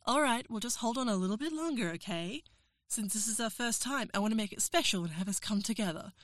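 A woman's voice: fairly high pitch, expressive, fast, no echo, clean studio sound. A woman performing an erotic audio role-play as a professor, teasing, coaxing and giving orders.

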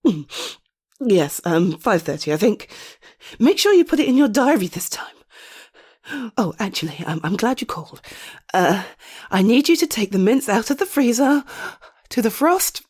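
A breathy, husky young woman, panting and out of breath as she talks. Her pitch swings widely from low murmurs up to high exclamations, and she keeps slipping into a soft whisper. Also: sing-song, normal speed, pauses often.

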